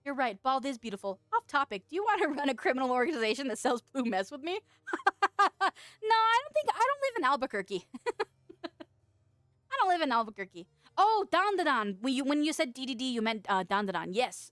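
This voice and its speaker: Giggly woman streamer, high and dry. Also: a bit bright, no echo. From United States. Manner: playful, laughs often, swears casually. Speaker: VTuber streamer. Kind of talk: casual chat reading viewer messages.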